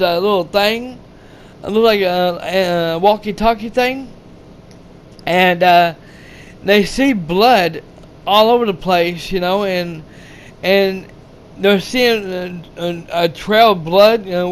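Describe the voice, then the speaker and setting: Man, high-pitched, casual rambling movie-recap host. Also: a little hiss or hum. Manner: rambling, repetitive plot retelling with many "you know"s. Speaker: channel host reviewing a movie.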